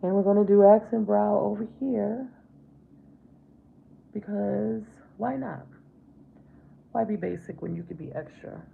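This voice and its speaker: A middle-aged woman chatting casually with her viewers while doing her makeup, warm to them and calling them babe. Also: medium pitch, measured pace, gravelly, long pauses, phone-quality sound, slight background noise. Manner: chatty, affectionate, calls viewers babe and baby. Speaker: livestream host. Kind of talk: casual makeup livestream chat.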